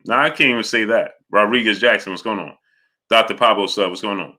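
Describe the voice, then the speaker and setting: Reading super chats on his live boxing talk show, this host keeps interrupting himself to fire off quick greetings to viewers in the chat. His voice is on the low side, and he often repeats "you understand what I'm saying."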